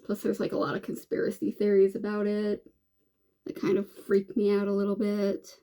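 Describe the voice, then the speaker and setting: A woman's voice: mid-range voice, monotone, normal speed, mellow. A woman vlogger chatting casually and rambling while she does her makeup, with many fillers and restarts. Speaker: beauty vlogger.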